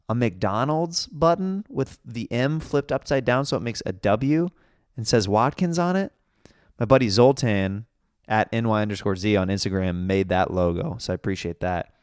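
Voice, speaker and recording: Excitable young male podcast host. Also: mid-range voice, no room sound, clean studio sound. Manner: excitable, chatty, laughs often. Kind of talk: casual solo podcast chat.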